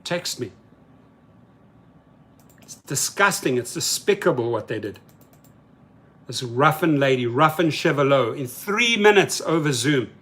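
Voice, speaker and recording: A man's voice: medium pitch, expressive, a little slow, pauses often, pushed and bright, breathy edge. Indignant man hosting a live stream. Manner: indignant, reads viewer comments aloud; heated, mocking. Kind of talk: casual live stream commentary.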